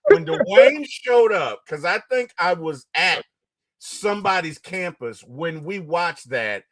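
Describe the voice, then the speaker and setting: Man, middle-aged, interview host, lively swooping voice, fairly high. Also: takes it slowly, no room sound. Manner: animated, storytelling, gets excited and loud retelling movie scenes. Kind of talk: casual interview chat.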